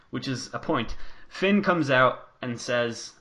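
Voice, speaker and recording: Bright-voiced man telling a wrestling story. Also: medium pitch, normal speed. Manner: animated storytelling, acts out quotes in voices. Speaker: podcast co-host. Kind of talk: casual podcast chat, fantasy booking story.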